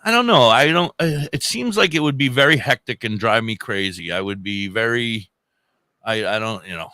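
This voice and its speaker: A man in loose, profane podcast banter. His bright voice leaps around in pitch as he acts out what people said. The recording is close and dry, with no room sound. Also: moderate pace, no echo. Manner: animated, swears freely, acts out quotes loudly. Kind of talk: casual profane chat.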